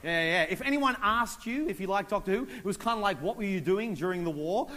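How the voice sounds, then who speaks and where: A man telling a comic story on stage, animated, acting out other people and voices as he goes. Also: high-pitched, brisk, hardly any pauses. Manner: animated, acts out characters and voices. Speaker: stand-up comedian. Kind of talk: stand-up comedy storytelling.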